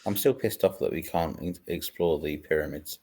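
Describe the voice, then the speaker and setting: A man's voice: low voice, normal speed, dark tone, husky. A man co-hosting a podcast in casual chat, dropping dry, brief quips. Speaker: podcast co-host.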